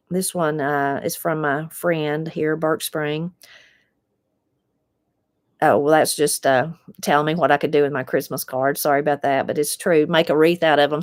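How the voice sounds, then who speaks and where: A woman with an Appalachian accent, reading viewer comments aloud and musing on them in an unhurried, folksy, reflective way. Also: sits low, no echo, studio quality. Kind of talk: casual chat.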